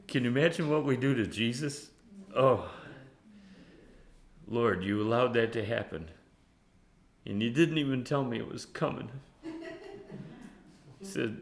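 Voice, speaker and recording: A man preaching a casual Bible study in a bright, clear voice. He reads scripture, then jokes about himself and laughs often. He is animated and self-mocking, and he drops to a quiet, earnest tone for serious points. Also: medium pitch, unhurried, long pauses. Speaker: Bible teacher. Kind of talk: conversational sermon, reading scripture.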